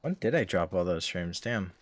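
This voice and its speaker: A man's voice: sits low, lively intonation, moderate pace, no room sound. A man casually commenting while live-streaming a game, offhand and joking.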